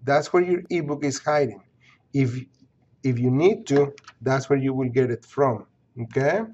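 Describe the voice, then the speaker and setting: A man's voice: mid-range voice, unhurried, darkish tone, muffled recording. A man teaching an online course, walking students through its pages step by step, repeating points and checking in with "okay?". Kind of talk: screen-recorded course walkthrough.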